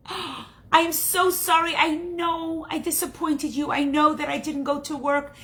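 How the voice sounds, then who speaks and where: A woman's voice: very high-pitched, normal speed, fairly bright tone, pitched above the performer's own voice. A woman voicing a devout young immigrant woman, anxious and apologetic, in a told story. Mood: pleading. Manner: pleading, emotional.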